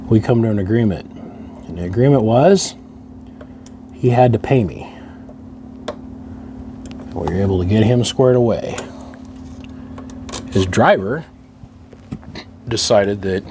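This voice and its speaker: A lower-pitched middle-aged man rambles through a long story while fiddling with a stubborn repair. He grumbles and jokes dryly to himself. A faint hiss sits under the recording. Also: warm tone. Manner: wry, grumbling, talks to himself over a stubborn task. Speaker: radio hobbyist working on an amplifier. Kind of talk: casual rambling monologue while working.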